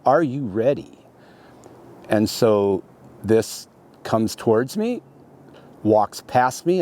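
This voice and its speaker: A middle-aged man talks through a long story as an interview guest, in a low, dark, relaxed voice. He rambles and stalls, restarting his phrases and leaning on "you know" as he goes. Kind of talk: conversational storytelling.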